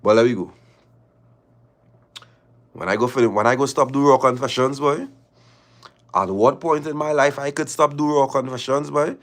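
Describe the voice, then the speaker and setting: Man, livestream host, reads confessions aloud, loud slangy reactions, mid-pitched voice. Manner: reacts loudly with drawn-out exclamations and slang. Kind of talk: livestream chat, reading out viewer confessions.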